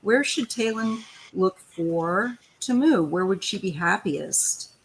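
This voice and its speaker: A woman's voice: medium pitch, expressive, slow pace, slight background noise, rough recording. A woman hosting a live tarot stream, chatting casually and giving emphatic advice. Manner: chatty, emphatic, complaining asides. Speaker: tarot reader host.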